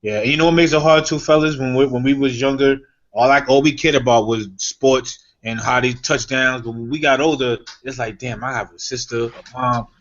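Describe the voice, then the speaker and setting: A man's voice: mid-range voice, steady tone, fairly quick. A young man co-hosting a podcast in casual chat, playful and slangy, joking with his friends. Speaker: podcast co-host. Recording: dull lo-fi podcast audio.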